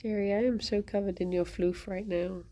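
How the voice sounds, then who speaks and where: Live-streaming from home, a woman rambles casually and easily, frequently laughing as she chats. Her voice is medium-pitched and dark, with a steady tone at normal speed.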